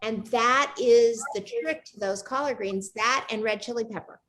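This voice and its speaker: A woman's voice: fairly high pitch, normal speed, a bit bright. Chatty woman hosting a cooking chat. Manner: chatty storyteller, asks eager follow-up questions. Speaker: cooking show host. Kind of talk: casual video-call chat. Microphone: video call.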